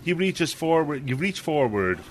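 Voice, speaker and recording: Laid-back dungeon master narrating a game. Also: male voice, fairly high pitch, very animated, a little slow. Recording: faint hiss, clipping mic.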